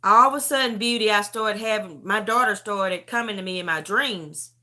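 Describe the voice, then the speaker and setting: A middle-aged woman sharing a personal testimony on a live stream, telling her story with animated emotion and close to tears, often calling the listener "beauty". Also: medium pitch, moderate pace. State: near tears.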